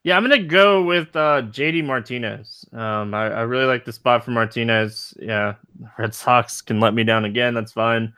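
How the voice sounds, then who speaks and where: A man hosting a casual sports podcast, relaxed and playful, with frequent ums. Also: medium pitch, moderate pace, clean tone. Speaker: podcast host.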